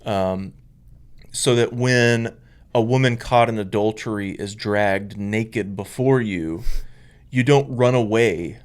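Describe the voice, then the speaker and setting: A man's voice: on the low side, slow pace. A man, a minister co-hosting a podcast, telling stories emphatically in casual chat. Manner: storytelling, emphatic, acts out quoted voices.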